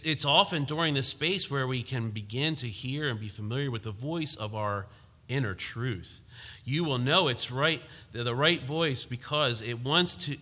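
A man preaching a sermon, swinging from emphatic force to hushed tones and sometimes mocking quoted lines in a lighter voice. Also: on the high side, big-room sound.

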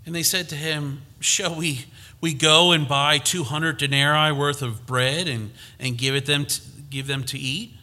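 A man's voice: fairly high pitch, fairly even intonation, unhurried, hardly any pauses, pushed and bright. A man preaching a conversational sermon, reading scripture and rising to emphatic peaks.

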